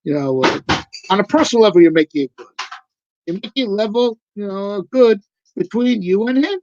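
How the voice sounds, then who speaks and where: A man's voice: high voice, lively intonation, moderate pace, a little mellow, dry recording. A male rabbi giving a live, conversational discourse on Torah, emphatic and full of rhetorical questions. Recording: dull lo-fi recording.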